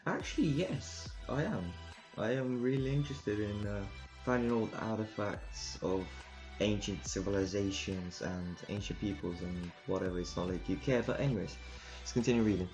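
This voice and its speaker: A man's voice: on the low side, steady tone, moderate pace, darkish tone. A man giving rambling, casual commentary while playing a game, laughing often. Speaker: gamer. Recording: dull lo-fi recording with game music. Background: game music.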